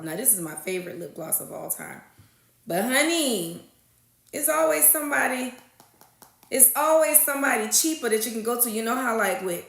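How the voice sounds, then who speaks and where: A woman with a mid-range, slightly bright voice runs a relaxed livestream from an echoey room. She greets viewers by name and chats with them, calling them honey and y'all.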